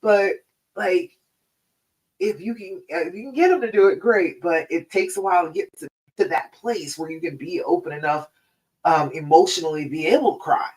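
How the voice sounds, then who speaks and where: A woman's voice: lowish voice, brisk, a little mellow, recorded from a distance, poor audio. A woman hosting a live stream as a relationship coach, talking in a casual, conversational way and often checking in with "all right?".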